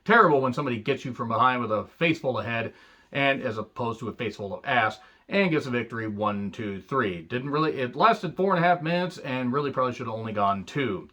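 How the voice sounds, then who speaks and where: Bright-voiced, blunt American reviewer man. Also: medium pitch, animated, a little fast. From United States. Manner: blunt, profane, sarcastic asides. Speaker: wrestling show reviewer. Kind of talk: casual spoken review.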